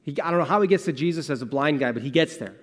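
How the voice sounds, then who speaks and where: A man delivering a sermon as pastor, his voice sitting a touch higher than most men's. He speaks earnestly, shifting from quiet, confiding phrases to emphatic ones and leaning on rhetorical questions. The sound carries a long reverb from a church sanctuary. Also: expressive, very fast. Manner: earnest, swings between emphatic and hushed, asks rhetorical questions.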